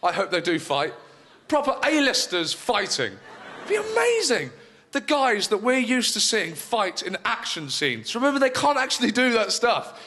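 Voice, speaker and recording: A man doing an animated stand-up routine, acting out scenes and swearing, on a comedy club stage. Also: high voice, moderate pace. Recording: live stage mic with crowd noise.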